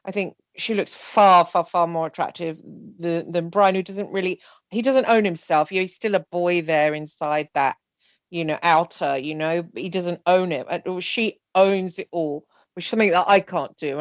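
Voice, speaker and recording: A woman talking candidly in a casual conversation, animated and often acting out remarks in quoted voices. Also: lowish voice, moderate pace, no echo.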